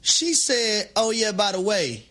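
Man, sports talk co-host, high voice, lively swings, preacher-like. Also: slow, noisy background. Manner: animated, preacher-like, storytelling. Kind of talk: sports talk show banter.

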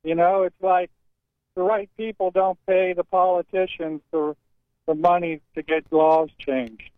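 Brief: high-voiced male caller, plain-spoken grumbler, thin dry phone line. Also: fairly even intonation, a little slow, dry recording. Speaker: radio caller. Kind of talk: call-in talk radio.

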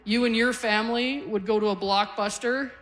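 A woman's voice: fairly high pitch, fairly even intonation, normal speed, fairly bright tone. A woman in her forties from Canada performing a stand-up comedy set, chatty and self-deprecating, often laughing through her punchlines. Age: 40s. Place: comedy stage before a live audience.

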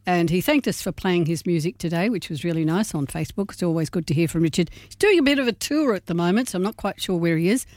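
A woman's voice: on the low side, lively intonation, fast talker, hardly any pauses, no room sound, studio quality. A woman co-hosting a community radio show, chatty and rambling, reading out a gig guide. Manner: chatty, warm-hearted, rambling asides. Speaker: radio co-host. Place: radio studio.

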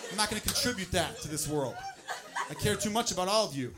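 High-voiced male stand-up comic. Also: quick pace, a crowd in the background. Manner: loud animated punchlines, acted-out asides. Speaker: stand-up comedian. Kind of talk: stand-up comedy set. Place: comedy club stage.

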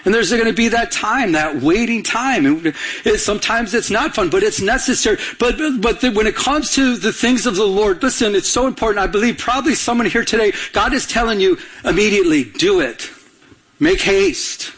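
A man's voice: high voice, fairly quick, a bit bright, low-quality recording. A man preaching a sermon as pastor, urging the congregation on, repeating words for emphasis and asking them to finish his lines. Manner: urgent preaching with call-and-response questions to the congregation.

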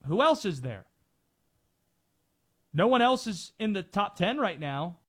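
A man hosting sports talk radio from a studio, driving his points home with rhetorical questions. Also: high-pitched.

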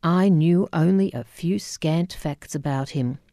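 Low, unhurried woman narrating a memoir. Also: mellow, no room sound, studio quality.

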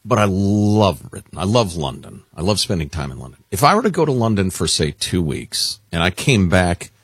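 Husky, playful male radio co-host. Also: sits low, sing-song, no echo, clean studio sound. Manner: playful, jokey, quick to laugh. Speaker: radio talk show co-host. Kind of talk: casual banter on talk radio. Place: radio studio. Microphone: studio mic.

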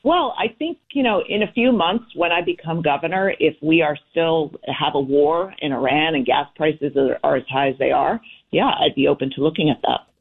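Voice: medium pitch, normal speed, breathy edge. Hesitant candidate on a tinny phone line. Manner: hesitant, evasive. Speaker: political candidate. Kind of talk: phone-in interview.

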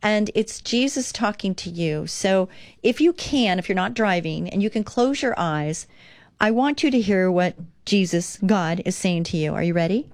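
A woman's voice: medium pitch, lively intonation, moderate pace, no echo. A woman hosting a devotional talk radio show, reading aloud and speaking in an earnest, encouraging, conversational way.

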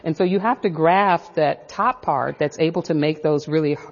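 A woman professor and author, a guest on a radio interview, speaking thoughtfully and often pausing on "um". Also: low voice, long reverb tail, dull audio.

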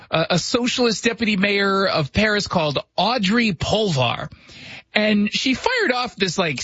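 An American man hosting a casual commentary show from his studio, talking in a sarcastic, joking way with quick asides. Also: high-pitched, fairly bright tone, slightly rough, no room sound, highs cut off. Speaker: radio and online show host. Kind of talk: casual political commentary chat.

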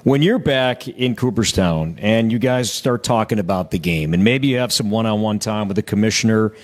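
A man interviewing a guest, setting up stories with smooth, prompting questions. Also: fairly low pitch, moderate pace. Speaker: interviewer, broadcaster.

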